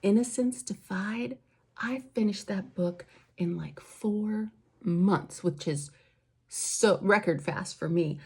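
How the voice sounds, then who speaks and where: A woman's voice: mid-range voice, slow pace, darkish tone, slightly rough. A woman talks casually and enthusiastically about her work. She rambles a little and uses plenty of fillers, in the loose, friendly tone of a get-ready-with-me vlog. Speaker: author and vlogger.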